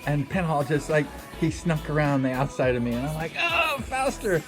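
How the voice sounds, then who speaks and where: A man's voice: fairly high pitch, fairly even intonation, fairly quick. A middle-aged man, a former speedway racer, telling a rambling story full of repeated fillers. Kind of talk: casual storytelling. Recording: loud music underneath.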